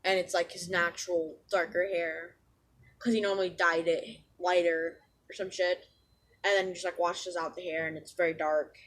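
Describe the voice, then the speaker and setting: A woman's voice: on the low side, little pitch movement, normal speed, fairly bright tone. A woman casually retelling a fan story, rambling with lots of restarts.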